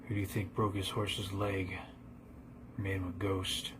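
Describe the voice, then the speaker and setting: A man voicing a sinister horned woodland creature who speaks in a smug, taunting, low-key way. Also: completely flat delivery, unhurried, background noise.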